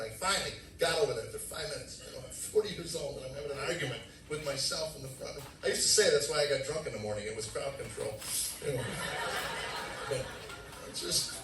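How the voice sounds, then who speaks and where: A man in his forties tells his testimony from the pulpit, acting out old conversations and jumping into sudden loud bursts. He talks fast, in a voice of middle pitch. The sound is roomy and echoey, picked up from some distance. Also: slight background noise. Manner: animated storytelling, acting out dialogue with sudden loud outbursts. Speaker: preacher giving testimony. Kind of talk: sermon testimony. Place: church sanctuary. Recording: echoey room, mic at a distance.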